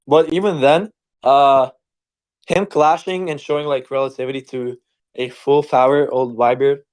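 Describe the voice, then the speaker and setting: A young man in a heated casual online debate, rambling with lots of fillers and swearing. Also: mid-range voice.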